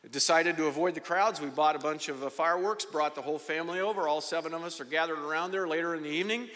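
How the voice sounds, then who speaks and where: Animated high-voiced preacher in a hall. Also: male voice. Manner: animated, dramatic retelling. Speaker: pastor. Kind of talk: sermon storytelling. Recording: long reverb of a large hall.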